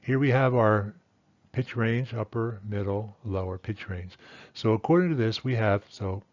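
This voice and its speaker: A man's voice: on the low side, a little slow, darkish tone, no echo, dull audio. A man teaching a language lesson, explaining step by step and checking in with "right?". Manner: methodical, repeats key points, says "okay" and "right?".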